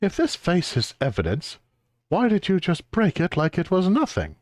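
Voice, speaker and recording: A man's voice: high-pitched, wildly swooping pitch, normal speed, no echo, clean studio sound, pitched above the performer's own voice. A man voicing an earnest young boy assistant from a video game, politely protesting with reason.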